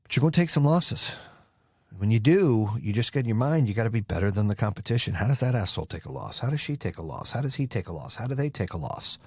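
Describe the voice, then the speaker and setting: A man's voice: lowish voice, big pitch swings, fast talker, slightly rough, no echo, clean studio sound. An American man hosting a podcast, delivering an intense, profane motivational monologue. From United States. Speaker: podcast host.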